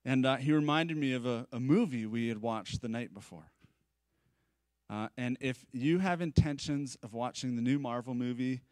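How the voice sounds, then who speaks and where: A man preaching a conversational sermon at a live-streamed church service. He is animated and chatty, with self-deprecating asides. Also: mid-range voice, moderate pace, no room sound. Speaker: pastor.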